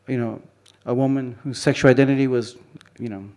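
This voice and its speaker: A man's voice: medium pitch, fairly even intonation, fairly quick, warm tone. Rambling male photographer giving a talk. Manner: rambling, many restarts and "you know" fillers. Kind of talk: informal presentation talk. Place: conference hall.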